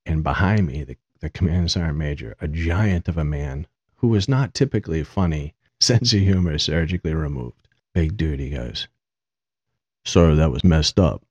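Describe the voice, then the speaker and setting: A middle-aged man with an extremely deep voice tells a casual, rambling anecdote with an amused, self-mocking edge. The recording is dry and close, with a dull, lo-fi tone. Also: animated, moderate pace, breathy edge, dry recording. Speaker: podcast host.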